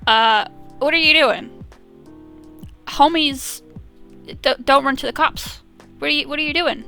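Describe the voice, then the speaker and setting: A woman's voice: high voice, unhurried, creaky, long pauses, pushed and bright, faint music behind. A young woman with a Southern US accent, chatting casually and laughing often while playing a game. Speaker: let's play streamer.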